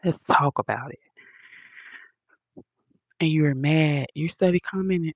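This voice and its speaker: Woman streamer, slow and gravelly, profane and preachy, dull dry lo-fi sound. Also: sits low, no echo. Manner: blunt, profane, preachy slang. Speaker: livestream host answering comments. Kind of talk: casual livestream rant.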